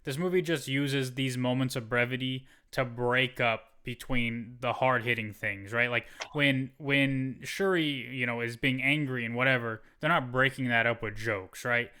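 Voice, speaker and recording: Swearing freely, this podcast co-host casually walks through a movie's plot in an animated retelling during a movie review chat. His voice is smooth and medium-pitched, at a moderate pace with few pauses.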